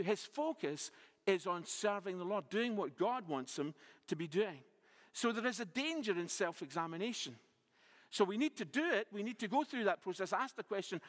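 Male preacher, bright high register, teaching verse by verse; reverberant church hall. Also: expressive, normal speed. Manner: expository Bible teaching with rhetorical questions. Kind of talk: sermon.

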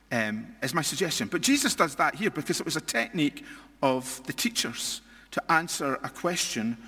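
A man's voice: mid-range voice, sharp tone, breathy edge, long reverb tail. A Scottish man preaching a sermon, earnest and emphatic, often repeating and restarting phrases as he builds a point. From Scotland.

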